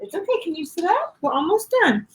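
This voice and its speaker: A middle-aged woman pastor reads a children's picture book aloud in a gentle, sing-song way, stopping to ask the little ones questions. Her voice is very high-pitched with big swings in pitch, and the recording is rough.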